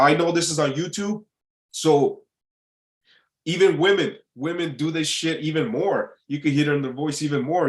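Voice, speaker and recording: A man hosting his own live online show, talking casually, rambling and repeating himself, and swearing now and then. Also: fairly high pitch. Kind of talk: casual live-stream monologue.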